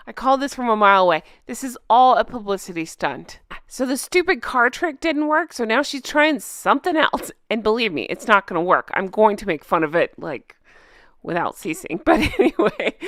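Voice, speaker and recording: A woman's voice: a little high, fairly bright tone, dry recording, clean studio sound. A woman hosting a gossip commentary vlog, ranting with sarcastic emphasis. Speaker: channel host.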